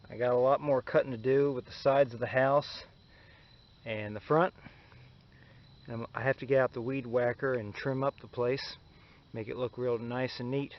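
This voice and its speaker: A man's voice: mid-range voice, muffled recording. A man vlogging in a casual, folksy way, chatting straight to his viewers about chores around the house. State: out of breath at times. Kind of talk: casual home vlog.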